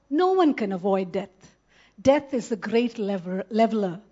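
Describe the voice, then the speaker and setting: Woman, sermon, earnest, slow emphatic stresses, fairly high voice, lo-fi muffled sound. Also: mellow. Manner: earnest, slows down to stress scripture. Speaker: preacher. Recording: slightly muffled, lo-fi.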